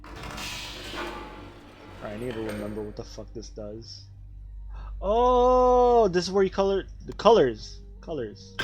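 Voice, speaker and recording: A man's voice: sits high, unhurried, pauses often, lo-fi sound, soft background music. Rambling, profane male game streamer. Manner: profane, rambling, talks to chat while playing. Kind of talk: casual gaming livestream chat.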